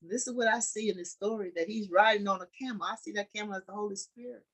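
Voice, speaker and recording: A woman's voice: medium pitch, quick pace, fairly bright tone, slightly rough, low-quality recording. A woman teaching scripture in a conversational, preachy way, often restarting her sentences. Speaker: Bible study teacher.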